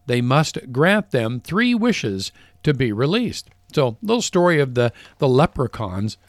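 A man's voice: medium pitch, very animated, a little slow, no room sound. A man hosting a farm radio show, chatting casually and reading short segments in a folksy way. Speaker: radio host.

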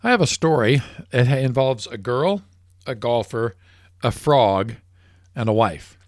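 A male radio host spinning a joke with a lively, swooping delivery in a mid-range voice. The sound is close and dry. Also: medium pitch, measured pace, no echo.

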